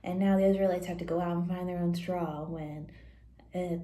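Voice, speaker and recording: A woman's voice: on the low side, fairly even intonation, moderate pace, mellow. A woman giving a casual Bible story lesson at church, chatty with playful asides. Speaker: church leader reading scripture. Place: church building. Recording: echoey room.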